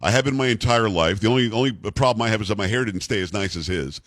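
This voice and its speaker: A man hosting an interview who talks quickly and eagerly, stumbling and restarting as he goes. His voice is dry and close, with no room sound around it. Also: lowish voice, fairly bright tone, no room sound. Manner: eager, chatty, frequent restarts. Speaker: host. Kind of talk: casual interview.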